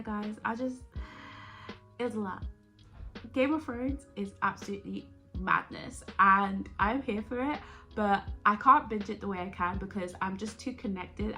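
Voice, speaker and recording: Brief: woman vlogger, bright voice, excitable and rambling, casual chat, light music underneath. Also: medium pitch, moderate pace. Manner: excitable, rambling, jumps between thoughts. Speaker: vlogger reviewing a TV series.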